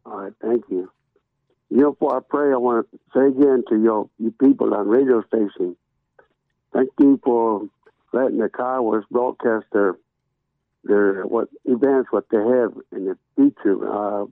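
A man with a gravelly voice prays earnestly and a little haltingly. He calls in by phone, so the sound is thin and tinny with no room around it. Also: medium pitch, dry recording. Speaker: guest giving the opening prayer. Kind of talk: spoken prayer over the phone. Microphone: telephone call. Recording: tinny dry phone line.

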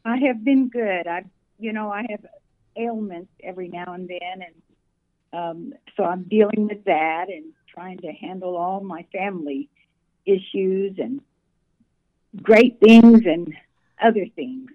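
Older female elder calling in, quiet and low, phone-line sound. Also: a little slow. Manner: soft-spoken, trailing off. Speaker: guest elder. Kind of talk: phone interview. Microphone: phone call.

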